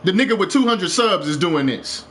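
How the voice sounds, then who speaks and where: A man's voice: high voice, lively intonation, moderate pace, fairly bright tone, slight background noise. A man streaming a game live, ranting with passion, repeating himself and swearing. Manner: impassioned, repetitive, swears, rising to urgent.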